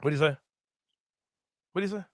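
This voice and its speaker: A man hosting a casual sports-show chat, a loud, laughing storyteller who swears freely. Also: on the high side, normal speed, dry recording, studio quality. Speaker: podcast host.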